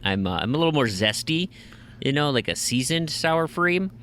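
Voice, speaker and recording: A man's voice: a little high, sing-song, normal speed, a bit bright, a little hiss or hum. A man hosting a casual podcast, chatty and joking as he reads out listener reviews and questions. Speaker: podcast host.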